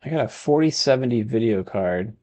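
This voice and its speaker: A man's voice: medium pitch, expressive, a little fast, a little mellow. A man from Texas giving casual let's-play commentary as he builds a city, chatting and muttering to himself. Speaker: gaming video host.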